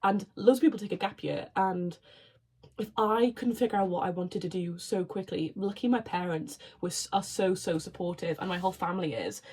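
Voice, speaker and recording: A young woman from Wales talks to camera in a casual get-to-know-me style. She is bubbly and chatty, wandering into quick asides as she goes. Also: on the low side, a little mellow, slightly rough. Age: young adult. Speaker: vlogger, marine biology student.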